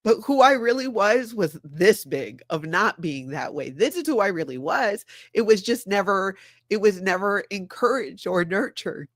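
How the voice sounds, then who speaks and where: Reading out viewer comments, a former member of a high-control group hosts a livestream in an earnest, confiding manner. Her medium-pitched voice is expressive and moderately paced, captured at studio quality with no room sound.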